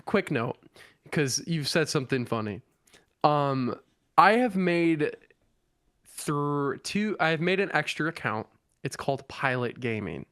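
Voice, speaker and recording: Young man, podcast host, casual rambling chat, higher voice, dry recording. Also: lively intonation, a little slow, a bit bright, no echo. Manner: rambling, laughs often, restarts a lot.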